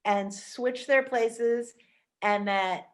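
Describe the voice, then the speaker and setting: A woman's voice: fairly high pitch, steady tone. Chatty woman podcast host. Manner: chatty, enthusiastic, quick asides. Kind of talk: casual film chat.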